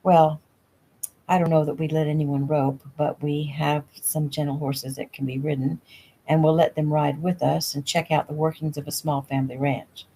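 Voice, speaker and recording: A woman's voice: deep voice, flat delivery, moderate pace, warm tone, slight background noise, low-quality recording. A woman reading the lines of an easygoing, teasing young rancher man, in a casual audiobook reading at home. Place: home room.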